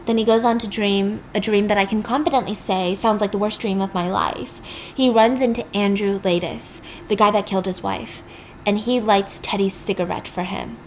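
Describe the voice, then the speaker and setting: A woman's voice: mid-range voice, steady tone, normal speed, a little hiss or hum. A young woman casually recapping a film story with chatty, sarcastic asides.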